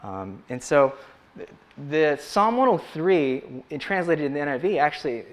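A church elder giving a sermon, opening with a slow scripture reading, then talking in a relaxed way with many ums and uhs. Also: male voice, fairly high pitch. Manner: conversational, frequent ums and uhs.

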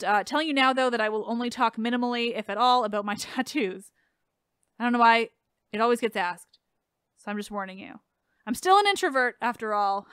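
A woman podcast host rambling casually through her outro, sarcastic and self-deprecating. Her voice is high and crisp, and the recording is close and dry. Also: fairly bright tone, dry recording.

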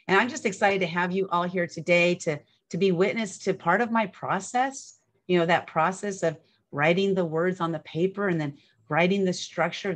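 A woman in her fifties with a somewhat low voice, hosting a live event. She talks casually and candidly, bubbling with enthusiasm and circling back to repeat her points. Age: 50s. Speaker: event host. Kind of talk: casual motivational talk.

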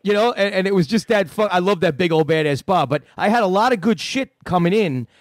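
A man with a notably high voice tells rambling, profane stories about his prank calls, full of restarts and asides. The recording is dry and close, with almost no room sound. He talks like a comedian chatting loosely with a fan on the radio. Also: a little fast, no room sound. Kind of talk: casual radio chat.

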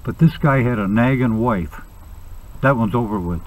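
A man's voice: mid-range voice, normal speed. An older man telling jokes in casual chat at a sign shop, often chuckling at his own punchlines. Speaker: joke teller. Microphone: hidden camera. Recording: muffled lo-fi hidden camera.

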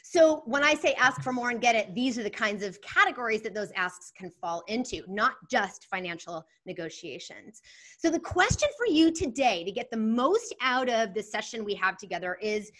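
A woman leading an online workshop, energetic and often restarting her phrases as she speaks to the group and answers the chat. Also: a little high, moderate pace. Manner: energetic, self-correcting, talks to a live chat. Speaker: workshop facilitator.

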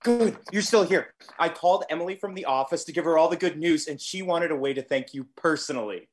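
A man's voice: a little high, brisk, lightly acted. Man playing a gushing grateful clerk. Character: grateful humble father and clerk. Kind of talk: amateur online theatre.

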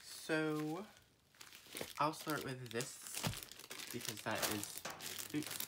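Very low-voiced chatty young woman. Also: drawn-out words, background noise. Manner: chatty, rambling with many fillers and restarts; gushing fan, swings from low murmuring to excited squeals. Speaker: vlogger. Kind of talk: casual unboxing haul vlog.

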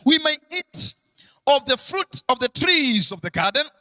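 A man's voice: very high voice, very animated, unhurried, sharp tone, poor audio. A young man with a Kenyan accent preaching a sermon in a sing-song, emphatic way, repeating his key lines. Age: young adult.

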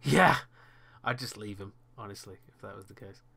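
A man's voice: fairly low pitch, moderate pace, vocal fry, pushed and bright. Wry man playing a game. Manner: wry, grumbling about the game, laughs often. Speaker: let's play host. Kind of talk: casual gameplay chat. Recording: faint background noise.

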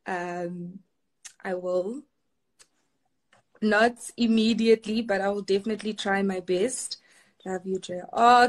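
A young woman from Kenya chatting casually on a live stream, reading viewers' comments aloud and laughing often. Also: medium pitch.

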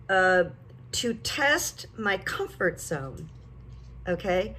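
An older woman talking casually to camera, telling stories in a chatty, animated way. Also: on the low side, extremely slow. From United States. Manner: chatty, storytelling, animated when retelling. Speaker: vlogger and psychic coach.

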